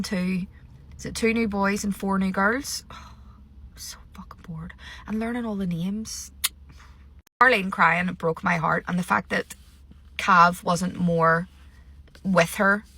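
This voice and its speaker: Sarcastic vlogger, low-ish bright voice, sweary rant into a phone. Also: female voice, no room sound. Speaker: vlogger reviewing a reality show. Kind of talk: casual ranting commentary. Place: parked car. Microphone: phone held at arm's length.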